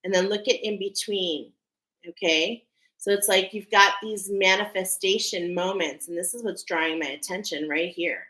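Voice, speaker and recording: A woman's voice: mid-range voice, moderate pace, bright, forceful tone, echoey room, rough recording. A woman giving a spiritual oracle card reading to her viewers, earnest and emphatic, often checking in with "okay?".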